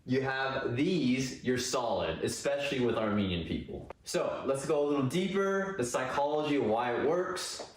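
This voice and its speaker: A confident male salesman gives persuasive advice and punctuates it with "right?" His mid-pitched voice rings around a very echoey room. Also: animated, moderate pace, hardly any pauses, a little hiss or hum. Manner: confident, persuasive, rhetorical questions. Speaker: salesman in a clip. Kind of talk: scripted advice talk.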